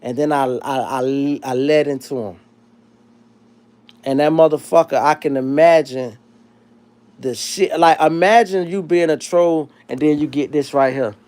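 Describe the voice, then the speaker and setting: Profane, animated man. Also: on the high side, a little slow. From South Florida. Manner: profane, animated, rambling with restarts. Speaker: livestream host. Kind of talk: casual livestream chat reading comments.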